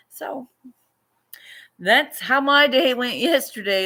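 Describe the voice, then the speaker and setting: A woman's voice: fairly high pitch, sing-song, slow pace, pauses often, pushed and bright. A Canadian woman artist vlogging casually, venting and swearing freely as she chats about her day. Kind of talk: casual chat.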